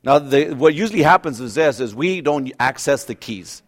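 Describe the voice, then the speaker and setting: A pastor preaching a conversational sermon, animated and full of everyday examples, often checking in with "right?". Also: male voice, mid-range voice, moderate pace.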